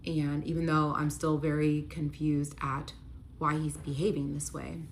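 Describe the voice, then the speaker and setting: A woman's voice: deep voice, flat delivery, a little slow, slight background noise. A young woman casually telling a personal story, chatty and full of "like" fillers. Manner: chatty, many "like" fillers, upset retelling.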